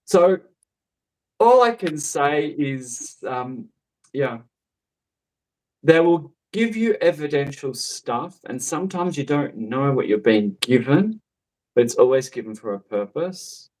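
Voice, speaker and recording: A man's voice: mid-range voice, sing-song, slow pace, darkish tone, low-quality recording. A man who works as a psychic medium tells a story in a casual, rambling way, full of fillers and asides. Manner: chatty, rambling, with many fillers and laughs.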